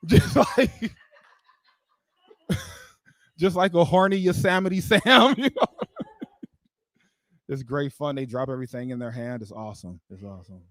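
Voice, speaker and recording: At a live comedy venue, a man performs stand-up into a stage mic, rambling with plenty of "like" and laughing at his own jokes. His voice is mid-range, with no echo.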